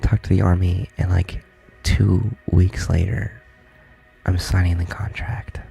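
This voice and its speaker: Whispered role-play, gravelly dark man. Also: deep voice, level tone, faint music behind. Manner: soft whispered talk, halting and rambling. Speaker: streamer. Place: army barracks room.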